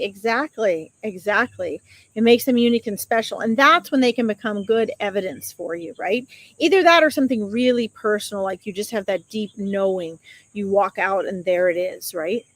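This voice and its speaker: A woman's voice: medium pitch, fairly bright tone, dry recording. A woman hosting a psychic live stream outdoors, chatting casually and affectionately as she reads out viewer comments and greets them with pet names.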